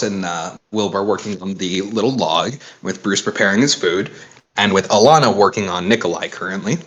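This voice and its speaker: A man running a tabletop role-playing game, narrating and chatting in a halting way. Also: mid-range voice. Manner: animated, halting with fillers. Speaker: game master.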